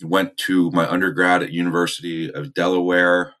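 A man's voice: low voice, little pitch movement, moderate pace, a bit bright. A man from New Jersey, an ecologist, answering interview questions in a plain, matter-of-fact way. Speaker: ecologist guest.

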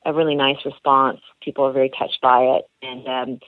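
In candid radio interview answers, an actress and author rambles about her writing and career, full of restarts and fillers. She has a bass voice with little pitch movement and speaks fairly quickly, captured in a dry, phone-like narrow-band recording.

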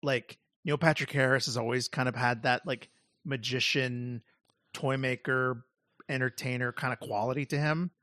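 A man's voice: medium pitch, fairly even intonation, moderate pace, pushed and bright, no echo, studio quality. A male podcast co-host talking casually and rambling, full of "like" and restarts. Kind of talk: casual chat.

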